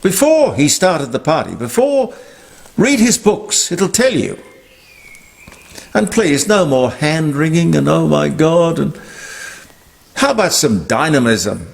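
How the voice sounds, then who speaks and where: A man's voice: on the high side, big pitch swings, slow pace, gravelly, pauses often. An older man, delivering an emphatic, indignant political commentary monologue. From Australia. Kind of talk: opinionated monologue.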